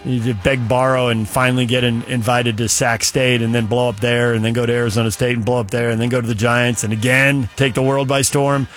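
A man's voice: mid-range voice, flat delivery, brisk, hardly any pauses, soft background music. A middle-aged man hosting sports talk radio, rambling through opinions and a long story. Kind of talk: casual sports talk monologue.

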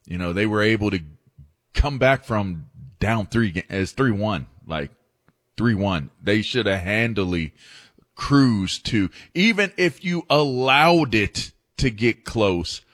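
A man's voice: on the low side, expressive, takes it slowly, fairly bright tone, no room sound, studio quality. A man co-hosting a sports talk show, rambling emphatically about a playoff series.

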